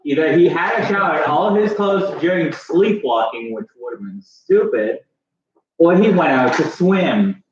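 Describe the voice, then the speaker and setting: A man playing in a tabletop game, talking slowly and hesitantly as he argues over rules. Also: on the high side, lively intonation. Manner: slow, hesitant, arguing rules. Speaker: player. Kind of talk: casual table talk. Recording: distant echoey lo-fi room mic with faint hiss.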